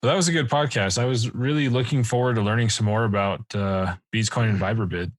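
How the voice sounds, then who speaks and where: A man co-hosting a casual podcast, relaxed and jokey as he thanks a guest and chats. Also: lowish voice, fast talker, no room sound. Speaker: podcast co-host.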